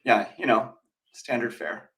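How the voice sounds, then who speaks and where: A man's voice: mid-range voice, expressive, a little slow, fairly bright tone, poor audio. A man co-hosting a real estate show in casual chat, rambling with fillers and restarts. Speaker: real estate agent, co-host.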